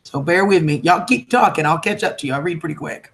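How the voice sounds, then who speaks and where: A woman's voice: fairly low pitch, animated, fast talker, gravelly. A woman chatting on a live stream, greeting viewers as darling and sweetheart in a chatty, heartfelt way. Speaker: livestreamer. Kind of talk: casual live-stream chat.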